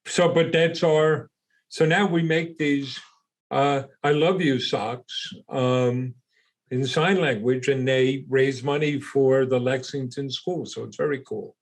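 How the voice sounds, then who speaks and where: A man's voice: medium pitch, fairly even intonation, slow pace. Middle-aged man explaining his business plainly. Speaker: guest, small business owner. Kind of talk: casual interview chat.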